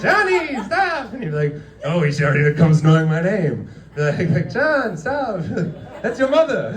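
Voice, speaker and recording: A man's voice: fairly high pitch, roomy sound. A man doing a rambling, crude stand-up roast of his former coworkers in a restaurant, laughing at his own jokes. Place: restaurant dining room.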